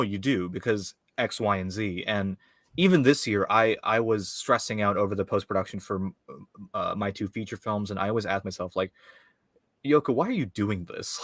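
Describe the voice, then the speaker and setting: A man's voice: fairly low pitch, fairly bright tone, dry recording, studio quality. A man, a filmmaker guest, chatting casually in an interview with lots of fillers, restarts and laughs. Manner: rambling, many fillers and restarts, laughs often.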